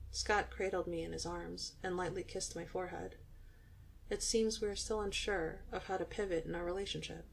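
Young female audiobook narrator, gravelly and on the low side, intimate and even. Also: moderate pace, slight background noise.

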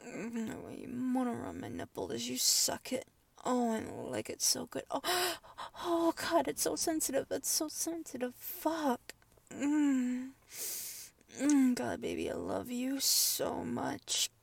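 A woman in an intimate whispered role-play, breathy and drifting between hushed whispers and soft moans. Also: high voice, expressive, slow pace, far from the mic. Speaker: audio role-play performer.

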